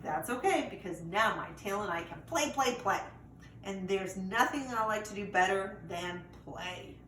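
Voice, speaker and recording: A woman reading a chapter book aloud to children in a lively way, pausing to ask the listeners questions. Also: mid-range voice. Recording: roomy echo, distant mic, faint noise.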